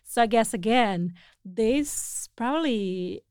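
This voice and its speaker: A woman's voice: a little high, animated, slow pace, a little mellow, clean tone, no echo, clean studio sound. Chatty woman, often laughing. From Italy. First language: Italian. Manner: chatty, laughs often, many fillers and restarts. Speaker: language teacher. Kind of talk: casual conversational storytelling.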